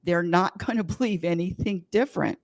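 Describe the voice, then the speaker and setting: A woman's voice: lowish voice, fairly quick, no echo, clean studio sound. A woman who teaches happiness classes, talking casually as an interview guest, emphatic and repeating her points. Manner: emphatic, repeats phrases, sudden loud bursts.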